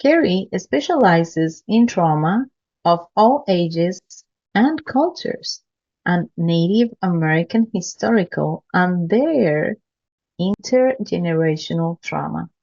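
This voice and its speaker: A woman's voice: fairly low pitch, expressive, slow, creaky, a little mellow, dull audio. A woman hosting a podcast interview, earnest and complimentary toward her guest. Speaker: podcast host. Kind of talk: interview, formal introductions.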